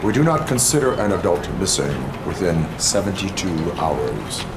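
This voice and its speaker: A man's voice: low voice, very animated, moderate pace, background noise. An actor playing a stern male cyborg police officer, speaking in a clipped, formal, emotionless way. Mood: flat.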